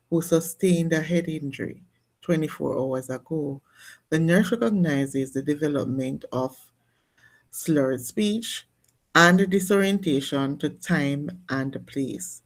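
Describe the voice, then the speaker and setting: Lady teaching nurses in a classroom, keeps restarting her sentences and calling on people. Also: deep voice. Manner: explains step by step, restarting phrases and quizzing the class. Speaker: nursing instructor. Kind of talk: classroom lecture on exam questions. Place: classroom with students.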